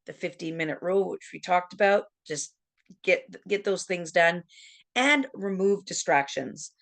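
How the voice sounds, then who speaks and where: A woman with a slightly low voice giving a webinar presentation. She talks casually and tells a personal story, acting out the lines of each person with energy. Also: unhurried, vocal fry. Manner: lively storyteller, acts out dialogue.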